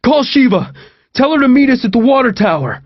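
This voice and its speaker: A man voicing a frantic young man who shouts in high, strained bursts during a chase. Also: sing-song, brisk, no room sound, highs cut off, heavily acted. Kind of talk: audiobook character voice.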